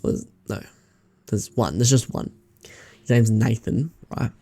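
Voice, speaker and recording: A man's voice: medium pitch, measured pace, vocal fry, dark tone, breathy edge. A young man with an Australian accent chatting casually to camera in a vlog, rambling, slangy and sweary. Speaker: vlogger.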